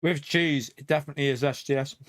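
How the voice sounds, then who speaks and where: A man's voice: fairly high pitch, steady tone, fast talker, a bit bright, dry recording, clean studio sound. A middle-aged man from England chatting casually on a live stream through a headset, laughing often between remarks. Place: home.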